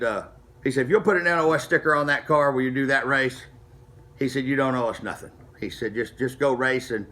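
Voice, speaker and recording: A middle-aged man casually telling a racing story to camera, profane and animated, acting out the people he quotes. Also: medium pitch. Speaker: street racer telling a story.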